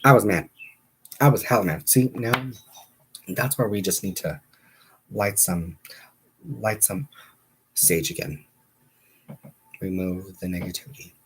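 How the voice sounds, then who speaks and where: A man hosting a live stream, telling a story in a casual, animated, exasperated way and talking straight to his viewers. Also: deep voice, a little slow, pauses often, breathy edge. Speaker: livestream host.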